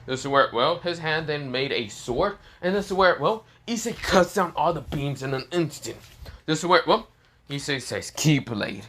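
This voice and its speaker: A man's voice: on the high side, expressive, moderate pace, sharp tone, a little hiss or hum. A man casually narrating a fan story off the cuff, rambling with many fillers and restarts.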